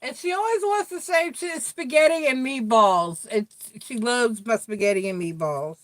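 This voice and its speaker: A woman's voice: fairly high pitch, lively intonation, moderate pace, dry recording. A middle-aged woman hosting a casual live tarot chat, blunt and chatty, with frequent swearing as she talks straight to her viewers. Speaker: tarot reader and live stream host.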